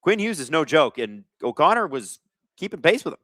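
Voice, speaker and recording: Man, live hockey stream host, lively swooping voice, slightly high, dry close sound, reads chat, excitable. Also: a little fast, no echo. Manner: animated, reads chat aloud, excitable during plays. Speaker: streamer hosting a live hockey watch-along. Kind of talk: live play-by-play and chat reading.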